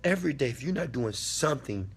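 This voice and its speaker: A man giving an impassioned motivational talk, preachy and repetitive, swearing at times, his volume swinging from quiet to loud. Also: mid-range voice, expressive, quick pace, husky. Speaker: motivational speaker answering a question.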